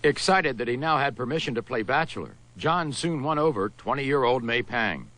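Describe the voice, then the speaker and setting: A man narrates a documentary in a polished, scripted style. His pitch rides high and low with a lively, animated contour. The delivery stays measured and even in pace. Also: poor audio.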